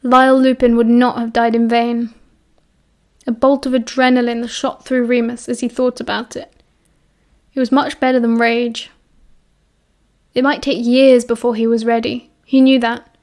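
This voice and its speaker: A woman narrating a fan-fiction audiobook in a steady, even reading voice. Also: on the high side, measured pace.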